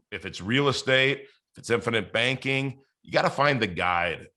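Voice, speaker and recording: A man's voice: on the low side, bright, forceful tone. A man hosting a podcast interview, chatting casually with plenty of fillers and restarts. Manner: rambling, many fillers and restarts. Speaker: podcast host.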